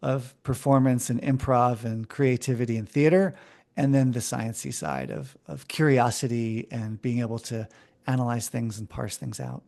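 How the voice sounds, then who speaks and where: A man with a mid-range voice, guesting on an interview podcast. He answers in a lively, enthusiastic way, restarting his phrases now and then as his thoughts run ahead. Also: mid-range voice, normal speed, vocal fry. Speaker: interview guest, brand strategist. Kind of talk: casual conversational interview.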